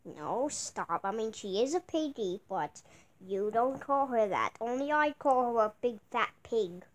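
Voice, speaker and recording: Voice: medium pitch, animated, a little slow. A performer in a comedy skit who plays an exasperated adult, talking sarcastically and cursing.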